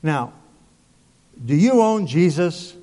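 A man's voice: fairly high pitch, sing-song, takes it slowly, warm tone. A male pastor preaching a sermon, emphatic, asking rhetorical questions and repeating words. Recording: long hall reverb.

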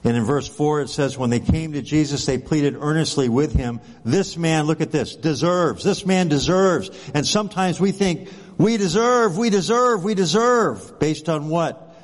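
Speaking at normal speed, this pastor's voice is a little high with a darkish tone. His sermon feels conversational, full of rhetorical questions and frequent "right?" check-ins, all echoing in a long hall reverb.

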